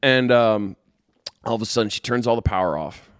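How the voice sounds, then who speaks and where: Young man, podcast guest, lively storyteller, dry close sound. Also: lowish voice, brisk, clear, resonant tone, no echo. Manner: animated, swears, acts out the people in his stories. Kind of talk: casual storytelling.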